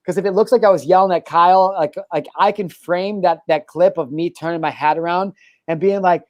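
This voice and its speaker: A man's voice: on the high side, quick pace, a little mellow, dry recording. Joking man hosting, dry close mic. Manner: joking, playfully mock-serious. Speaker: host. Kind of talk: casual podcast banter.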